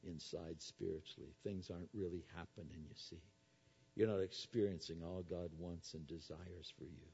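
A male pastor preaching a sermon, swinging between soft low lines and loud raised appeals. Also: steady tone, moderate pace, creaky, husky, highs cut off.

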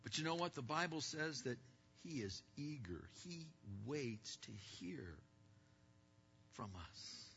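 A male pastor preaching a sermon, swinging from loud bursts to hushed, quiet passages and acting out distracted listeners in quick asides. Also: a little high, expressive, vocal fry, a little hiss or hum. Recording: dull lo-fi sound with long hall reverb.

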